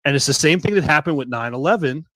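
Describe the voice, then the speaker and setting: A man's voice: fairly high pitch, lively intonation, fast, fairly bright tone, dry recording. A man co-hosting a podcast, joking casually and laughing often. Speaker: podcast co-host. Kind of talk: casual comedic chat.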